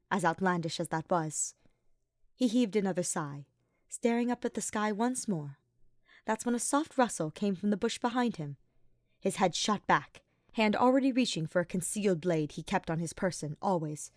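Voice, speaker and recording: A woman narrating a fan fiction story in a steady, reflective reading voice. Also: medium pitch, no room sound, clean studio sound. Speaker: podfic reader.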